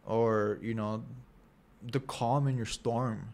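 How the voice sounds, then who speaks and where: Hombre de pódcast, divagante y bromista. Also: male voice, fairly low pitch, fairly even intonation, slow, vocal fry, darkish tone, slight background noise. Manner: rambling, joking, many fillers. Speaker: podcast co-host. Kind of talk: crude casual chat.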